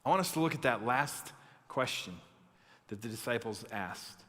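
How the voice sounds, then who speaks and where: A young man preaching a youth sermon, reading a Bible story and acting it out with animated voices. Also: medium pitch, normal speed, long reverb tail. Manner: animated, acts out the story with shouted quotes. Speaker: youth pastor.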